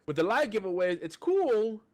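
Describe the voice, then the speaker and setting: Very animated and high-pitched, this podcast co-host talks at normal speed over a video call. He rants casually, swears freely and stumbles through restarts.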